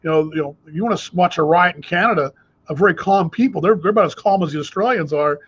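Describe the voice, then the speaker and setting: A man's voice: a little high, fast talker, a bit bright, slightly rough, lo-fi sound. A man hosting a casual video call chat, telling rambling stories full of restarts. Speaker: host.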